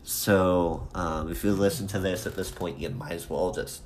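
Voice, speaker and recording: A young man talks alone on his podcast, pitched a little low. He rambles and stumbles over his words, restarting sentences and filling gaps with ums and likes. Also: steady tone, a little mellow, a little hiss or hum. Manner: rambling, halting, many fillers and restarts. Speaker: podcast host. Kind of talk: casual solo podcast monologue.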